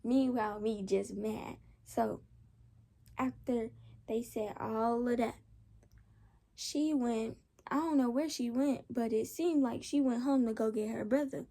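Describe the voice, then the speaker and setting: A woman's voice: on the high side, measured pace. A young woman casually telling a storytime, rambling along with slang and lots of restarts. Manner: rambling, animated retelling with slang.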